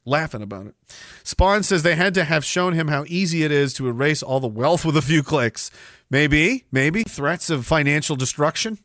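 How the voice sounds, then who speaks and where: A man's voice: on the high side, moderate pace, a bit bright, no echo, clean studio sound. A man from Canada hosting a livestream, reading chat messages and ranting sarcastically with plenty of swearing. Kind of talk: casual live-stream talk.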